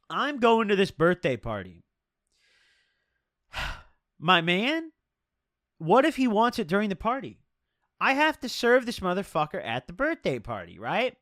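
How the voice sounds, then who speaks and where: Lively young guy telling a rambling story. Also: high-pitched, no echo, studio quality. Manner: rambling, profane, slangy. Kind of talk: casual storytime vlog.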